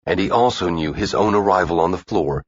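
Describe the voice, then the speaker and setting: A man narrating a thriller audiobook in a steady, even-paced reading. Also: low-pitched, fairly quick, a little hiss or hum. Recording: dull dry lo-fi recording.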